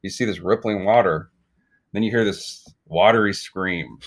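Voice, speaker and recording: A man co-hosting a comedy podcast, riffing through an absurd story in a rambling, animated way. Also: sits low, moderate pace. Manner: rambling, animated, repeats himself. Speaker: podcast co-host.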